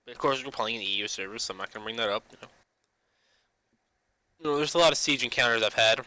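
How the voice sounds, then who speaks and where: Fast, rambling young man ranting. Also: medium pitch, pushed and bright, no echo, low-quality recording. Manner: fills nearly every phrase with "you know", restarts often; swears casually. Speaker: gaming vlogger. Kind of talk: rambling casual rant.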